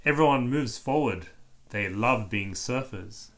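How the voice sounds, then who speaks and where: A man reading a children's book aloud with expressive, animated storytelling. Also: medium pitch, a little slow. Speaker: storybook reader.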